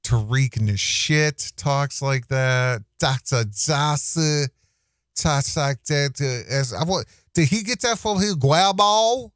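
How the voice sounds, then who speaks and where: A man's voice: medium pitch, lively intonation, takes it slowly, fairly bright tone, no room sound, studio quality. A man hosting a casual reaction commentary, rambling and indignant, with many restarts. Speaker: commentary host.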